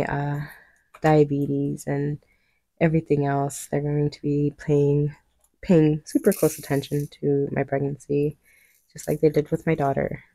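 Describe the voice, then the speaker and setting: Painting as she talks, a young woman vlogs casually for her viewers in a low, gravelly, dark and mellow voice. Her rambling is full of fillers and little laughs, and the sound is close and dry in a small room with no echo.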